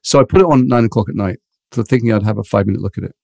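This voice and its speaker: A middle-aged actor telling animated anecdotes in an interview, acting out other people's voices. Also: male voice, on the low side, racing, gravelly, no echo, clean studio sound. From England. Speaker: actor guest.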